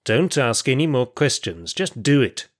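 A man's voice: medium pitch, sing-song, measured pace. A man voicing a harsh, impatient male prison guard who snaps out orders, in a storybook reading. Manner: snapping, barking orders.

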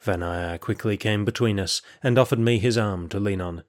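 Brief: male audiobook narrator, lowish pitch, measured first-person storytelling.

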